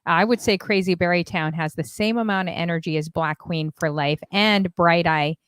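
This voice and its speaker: Lively chatty woman host, dry sound. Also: fairly low pitch, clear, resonant tone, no room sound. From Canada. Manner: chatty, animated, laughing, quick asides. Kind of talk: casual panel chat.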